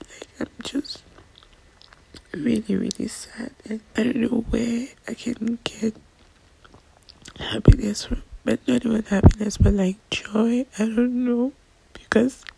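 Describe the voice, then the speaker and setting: An 18-year-old woman crying as she whispers a halting diary voice note into her phone. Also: a little high, vocal fry, mellow, slight background noise, low-quality recording.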